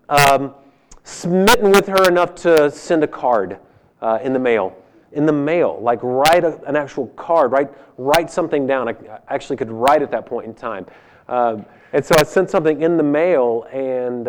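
A man in his thirties preaching, telling a funny personal story that swings between loud and hushed delivery. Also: a little high, clean tone. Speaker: pastor. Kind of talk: sermon. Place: church hall.

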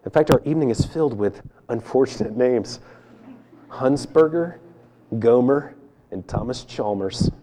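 A male pastor preaching a sermon with emphatic, swinging delivery, from loud urging to hushed asides. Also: mid-range voice, expressive, unhurried.

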